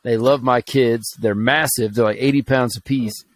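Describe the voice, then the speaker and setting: A man from Alabama co-hosting a podcast in loose, casual chat. He talks bluntly, swears freely and jokes about his own life. His voice sits at an ordinary middle pitch. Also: fairly even intonation, normal speed, slight background noise. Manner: blunt, profane, joking. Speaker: podcast co-host.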